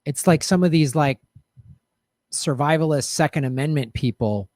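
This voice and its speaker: He hosts a show and meanders through casual, thoughtful commentary to the live chat, with plenty of fillers and restarts. His somewhat high voice has a sing-song, slightly mellow quality and a moderate pace. The studio sound is clean and echo-free.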